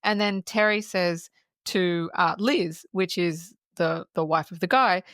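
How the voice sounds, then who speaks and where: A woman's voice: on the low side, takes it slowly, fairly bright tone, no room sound, clean studio sound. A woman on a podcast, retelling a film plot in casual chat, swearing freely and acting out the characters' lines. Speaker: podcast co-host.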